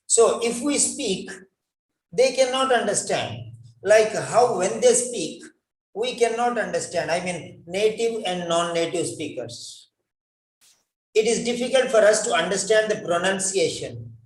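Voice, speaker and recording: Guy teaching pronunciation, kinda high voice, says each word again and again, echoey room. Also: expressive. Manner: slow, repeats words to model pronunciation. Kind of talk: classroom lesson on pronunciation.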